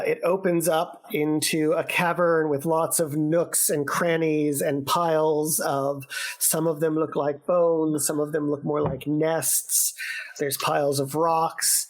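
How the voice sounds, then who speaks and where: A woman narrating as dungeon master of a tabletop game played over a remote call, describing scenes with many fillers and hesitations. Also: low-pitched.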